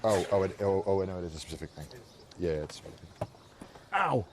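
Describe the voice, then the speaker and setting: A man bantering casually with a friend in a car, relaxed and teasing. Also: low voice, normal speed, crowd noise. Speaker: travel companion. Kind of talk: casual chat. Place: inside a car.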